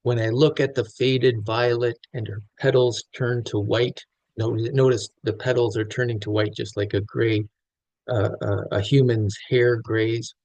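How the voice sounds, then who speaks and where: A man's voice: mid-range voice, level tone, measured pace, darkish tone, no echo, rough recording. A man lecturing on a poem, thinking aloud with frequent restarts and fillers. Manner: thoughtful, many restarts and fillers. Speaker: literature lecturer. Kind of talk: close-reading lecture.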